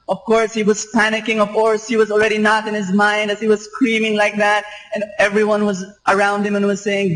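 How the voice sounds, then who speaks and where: Male preacher, high voice, emphatic, repetitive sermon delivery. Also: flat delivery, normal speed, hardly any pauses, rough recording. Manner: emphatic and repetitive, with rhetorical questions. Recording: radio live stream.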